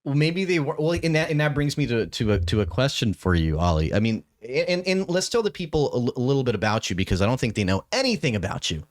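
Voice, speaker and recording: A man co-hosting a casual podcast chat, talking in a rambling, halting way with many restarts. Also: mid-range voice, sing-song. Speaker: podcast co-host.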